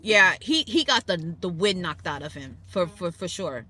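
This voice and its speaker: A woman with a New York accent hosting a casual family podcast, telling a story in an animated way, laughing often and quoting people in street slang. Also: fairly low pitch, moderate pace, slightly rough. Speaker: podcast host.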